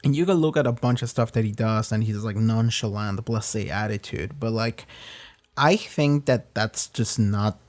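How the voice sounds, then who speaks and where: A man's voice: on the low side, normal speed, a little mellow. Rambling, swearing man reviewing an episode. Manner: rambling, many fillers and restarts, frequent swearing. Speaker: reaction video host. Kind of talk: casual spoken review.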